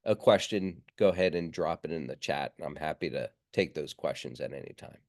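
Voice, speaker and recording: A man's voice: extremely low pitch, a little mellow. Man lecturing over a video call. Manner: measured, with filler words and restarts. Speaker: seminary lecturer. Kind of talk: online lecture. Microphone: computer mic on a video call.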